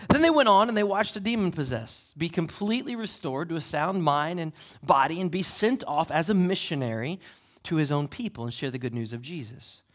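A man preaching a sermon in a church, swinging between loud emphasis and hushed asides. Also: on the high side. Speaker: pastor.

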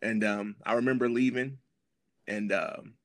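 A man with a fairly low voice tells his story as a podcast guest, loose and full of slang, often stopping to clear his throat. The sound is dry and close, with no room around it. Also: steady tone, a little slow, fairly bright tone, dry recording. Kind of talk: casual storytelling conversation.

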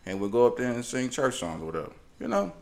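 Male podcast co-host, lively pitch, casual storyteller, laughs a lot, mimics voices. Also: fast. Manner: animated, laughs often, mimics voices in stories.

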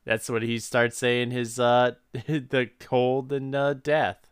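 A man's voice: mid-range voice, flat delivery, slow, clean tone, dry recording, studio quality. A man co-hosting a casual podcast, joking profanely and laughing often. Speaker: podcast co-host. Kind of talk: casual chat.

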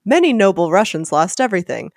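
A woman's voice: medium pitch, sing-song, quick pace, dry recording, clean studio sound. A woman reading as a haughty aristocratic general. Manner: reading a quoted story passage aloud. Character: aristocratic male Russian general, haughty hunter.

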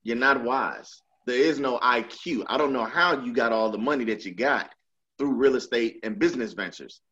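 A man's voice: medium pitch, moderate pace, pushed and bright, muffled recording. A man co-hosting a casual podcast, blunt and profane, mocking and laughing as he talks. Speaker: podcast co-host. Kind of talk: casual chat.

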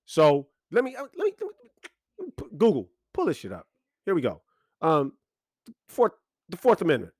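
Casting: a high-voiced man who swings his pitch widely, speaking in a profane rant, close and dry. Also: fairly quick, long pauses, no room sound. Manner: animated, profane, ranting with emphatic repetition. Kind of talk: profane monologue.

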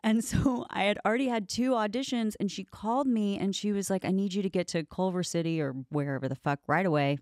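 A woman's voice: medium pitch, fairly quick, few pauses, darkish tone, no room sound, clean studio sound. A woman hosting a casual interview, telling candid stories bluntly and swearing freely.

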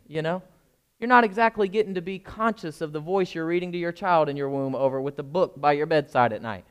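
A fairly high-voiced young man preaching in a relaxed, conversational way. He keeps checking in with the congregation, speaking to them like a pastor chatting with his church. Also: fast talker, clean tone. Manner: informal, keeps checking in with the listeners. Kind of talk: conversational sermon.

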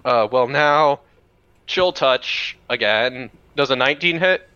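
A man playing a tabletop game, playful and quick to whoop. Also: bright, forceful tone, clear, resonant tone, no echo, highs cut off. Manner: playful, breaks into high whoops. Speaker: player.

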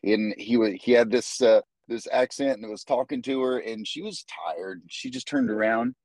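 A man with a fairly low voice, guest on a casual podcast, explaining martial arts to the host. He tells stories animatedly, restarting phrases as he goes, and the sound is dry with no room echo. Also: moderate pace. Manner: animated storyteller, many restarts. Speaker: jiu-jitsu instructor, guest.

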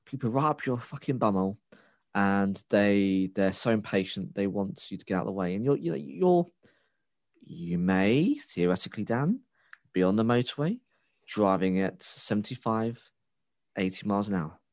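A man talks in a low voice, swearing freely and ranting as his sentences restart and wander. The recording is dry and close, with no room sound. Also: expressive, normal speed, darkish tone, no room sound. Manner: rambling with restarts and fillers. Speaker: podcast co-host. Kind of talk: casual chat.

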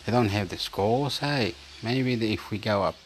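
A man's voice: on the low side, normal speed, a little hiss or hum. A man from Chile talking in a rambling, repetitive casual monologue, reading bits aloud from a screen as he goes.

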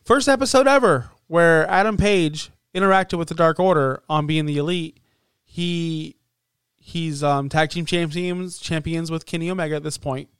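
Casual podcast guy, animated, higher voice, dead dry sound. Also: moderate pace, clean tone, no echo. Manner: animated, acts out quotes in raised voice. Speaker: podcast co-host. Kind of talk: casual wrestling chat.

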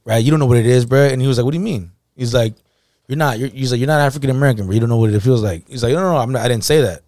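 A man's voice: medium pitch, racing, darkish tone, dry recording, studio quality. A man co-hosting a casual podcast, telling a story in heavy slang and acting out the quoted dialogue. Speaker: podcast co-host.

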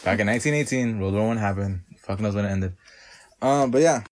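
A man's voice: on the low side, a little fast. Man, casual podcast chat, loose, swears a lot, joking.

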